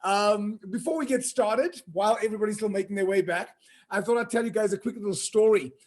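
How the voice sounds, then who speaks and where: A man hosting a virtual conference, telling jokes with lively acted-out voices and shouted punchlines. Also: sits high, a little fast. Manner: animated, shouts punchlines and acts out characters.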